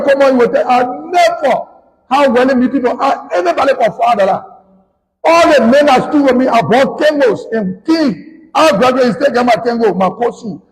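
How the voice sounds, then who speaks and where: Fiery Liberian man ranting in a reverberant space. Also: very high voice. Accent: Liberian English. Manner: loud, combative, accusing, swings between shouting and muttering. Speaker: politician. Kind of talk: fiery political rant.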